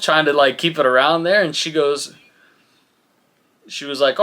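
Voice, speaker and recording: Bright-voiced young man telling stories. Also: mid-range voice, moderate pace. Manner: animated, acts out dialogue in stories. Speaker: podcast co-host. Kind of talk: casual storytelling chat.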